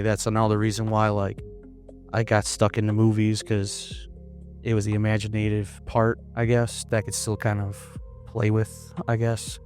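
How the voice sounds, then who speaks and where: A young man from Florida, a comedian guest in a casual interview, talking in a hesitant, halting way with many restarts. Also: fairly low pitch, darkish tone. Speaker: podcast guest, stand-up comedian.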